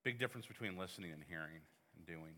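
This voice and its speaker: A man's voice: low-pitched, fast, sharp tone. A man hosting a faith talk show in an easygoing, affirming way. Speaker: host. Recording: hall reverb.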